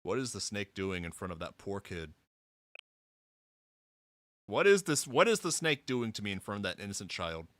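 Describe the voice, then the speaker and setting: A man streaming a story game, reacting to the scenes in a profane, mock-exasperated way and yelling at the characters. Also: on the low side, sing-song, normal speed, pauses often, no echo. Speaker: VTuber streamer.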